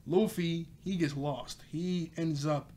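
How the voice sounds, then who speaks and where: A man's voice: on the high side, steady tone, slow, mellow. A man recapping an anime episode in a rambling, casual way, chuckling often and leaning on fillers. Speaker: anime review host.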